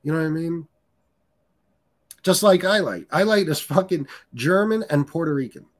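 Reading out chat on his live stream, a middle-aged host trash-talks bluntly and crudely, his casual, profane rant running hot. He speaks at an ordinary pace in a voice pitched a little high.

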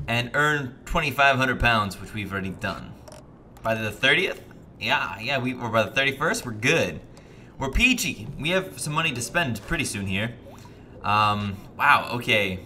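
A man hosting a gaming video, giving animated, joking let's play commentary as he plays. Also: medium pitch, slight background noise.

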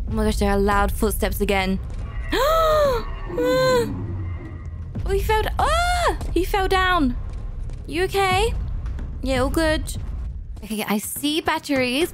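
High-voiced jumpy woman gaming. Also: a little hiss or hum. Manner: jumpy and easily frightened, gasping often. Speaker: gaming channel host. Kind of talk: let's play gameplay commentary.

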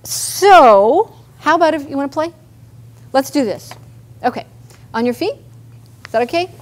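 A woman therapist leads a live group workshop in a meeting room, chatting and guiding people through simple movements. Her voice is high-pitched and a little fast.

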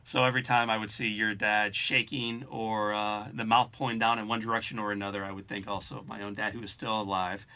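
A man hosts a podcast interview. His voice sits a little low and has a bright, forceful edge. He speaks in a warm, emphatic way. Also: flat delivery, fairly quick, few pauses. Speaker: podcast host. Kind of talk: interview conversation.

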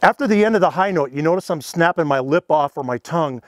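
A man's voice: fairly high pitch, animated, fast talker, heavy background noise. A man giving a casual, folksy lesson on elk calling, talking in an easygoing, conversational way. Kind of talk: instructional demonstration.

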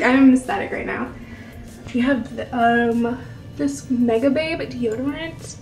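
A young woman vlogging with excitement, gushing over gifts with many exclamations. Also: on the high side, unhurried, faint music behind. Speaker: beauty vlogger. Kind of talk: excited vlog unboxing.

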